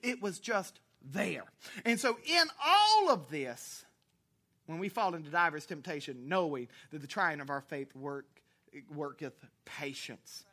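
Pastor, sermon delivery: bright and forceful, animated and jokey, shouts key points, lots of fillers. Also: medium pitch, unhurried. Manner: frequent "uh" fillers and self-corrections.

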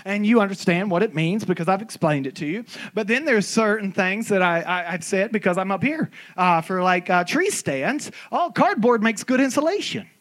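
A middle-aged speaker from Florida, telling personal anecdotes to an audience in a lively, story-driven monologue. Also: medium pitch, moderate pace, hardly any pauses. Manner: animated storyteller who acts out quoted voices.

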